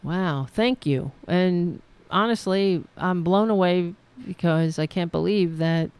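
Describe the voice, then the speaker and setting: A woman hosting a live-streamed show, chatting in a rambling, halting way, laughing and thanking viewers. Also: fairly low pitch, darkish tone, clean tone. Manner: rambling, halting, laughs often, talks to her cats. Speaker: podcast host reading viewer comments. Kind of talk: casual live-stream chat.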